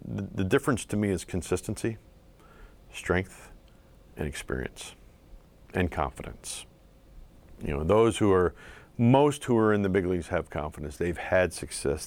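Middle-aged man, very low voice, from southeastern Pennsylvania, halting, filler-heavy interview storytelling. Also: a little mellow. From southeastern Pennsylvania, USA. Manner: halting, many fillers and restarts, reflective. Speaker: former pro pitcher, guest.

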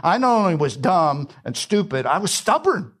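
A man preaching a sermon, emphatic, repeating key phrases and swinging between quiet and loud passages. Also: high voice, very animated, moderate pace. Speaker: pastor.

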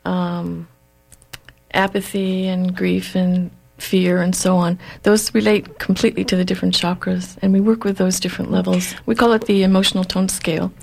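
A woman who is a guest healer, explaining steadily in a conversation and pausing on fillers. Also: on the low side, little pitch movement, vocal fry, darkish tone.

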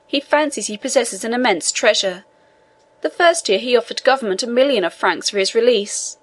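A woman's voice: fairly high pitch, rough recording. A woman voicing a male prison governor who speaks in a dry, matter-of-fact way in a storybook reading.

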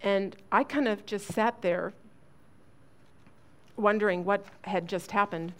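A woman teaching other women in a sermon, telling a family story earnestly, with halting restarts. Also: medium pitch. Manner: earnest storytelling, acts out quoted voices.

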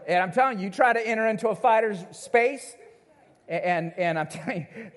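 A male pastor preaching a sermon to his congregation in a conversational way, calling out to the listeners and acting out the people he quotes. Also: high-pitched. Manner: animated, acts out the people he quotes. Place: church service before a congregation.

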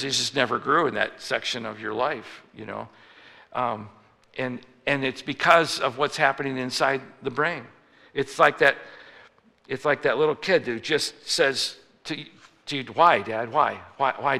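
In a large hall, a man with a mid-range, creaky, bright voice and a forceful tone preaches a conversational sermon. He frequently restarts his phrases and acts out little anecdotes.

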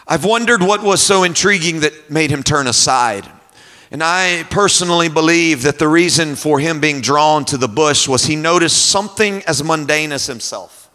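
Male preacher, storytelling sermon, bright tone, long hall reverb. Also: a little high. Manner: imaginative, descriptive, unhurried.

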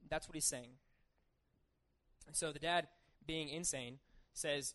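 A young man with a somewhat high voice delivers a laid-back sermon. He reads the passage and then retells it informally, slipping into everyday voices for the people in the story. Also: slow, pushed and bright. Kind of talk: casual sermon with scripture reading.

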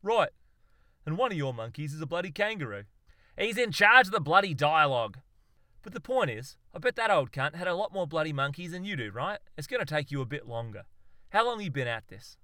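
A man's voice: a little high, big pitch swings, fairly quick, bright, forceful tone, no room sound, clean studio sound, voice pushed up. A man voicing an easygoing, encouraging man who talks in a blokey way. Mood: coaxing. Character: easygoing Australian man, a reassuring mate.

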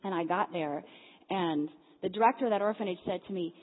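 A woman telling a personal story in a sermon, acting out the voices of the people in it with lively energy. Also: lowish voice, brisk. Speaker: speaker at a church Lent series. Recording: phone-like sound in a big reverberant hall.

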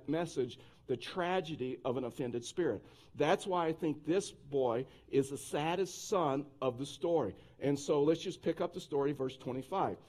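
A man's voice: mid-range voice, a little mellow. A male pastor preaching a sermon in a conversational style, with frequent restarts.

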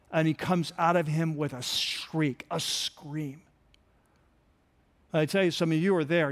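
A man preaching a sermon as pastor, earnest and emphatic, pausing and restarting as he explains. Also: on the high side, big-room sound.

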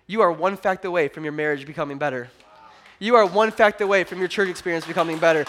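A male pastor preaching a sermon in a conversational way, swinging between loud emphatic stretches and quiet low ones and acting out quoted voices. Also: fast.

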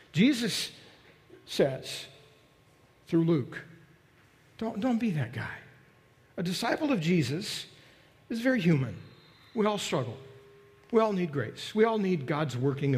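A male pastor delivers a sermon with a slightly higher-than-usual voice, telling a story with animated, acted-out lines before easing into a hushed prayer. His voice rings with the long reverb of a large church sanctuary.

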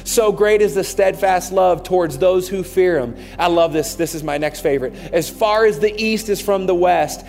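A man's voice: high-pitched, darkish tone. A man preaching a sermon as pastor, reading scripture aloud with fervent, rising intensity in a large church auditorium. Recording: long hall reverb.

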